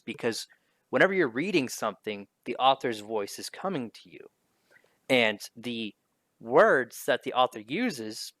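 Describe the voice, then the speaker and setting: A man's voice: mid-range voice, fairly bright tone, no room sound. A male teacher giving a casual spoken lesson, talking his students through questions in a conversational way.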